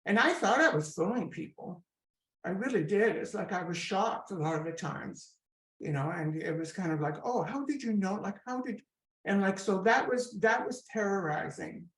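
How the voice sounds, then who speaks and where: A woman in her sixties with a Scottish accent, telling her story with lively asides in an interview. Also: on the low side, moderate pace. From Scotland. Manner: chatty, animated storyteller with asides. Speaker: guest comedian. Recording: echoey room.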